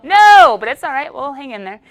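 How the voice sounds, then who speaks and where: Young female math teacher, a touch high-pitched, chatty and joking with her class. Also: quick pace, fairly bright tone. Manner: playful, teasing, chatty with students.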